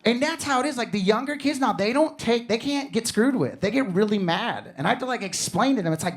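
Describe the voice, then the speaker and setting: A man in his thirties from Missouri doing a stand-up comedy set, animated and jumping into loud mock voices for his bits. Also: high voice, fast talker. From Missouri, USA.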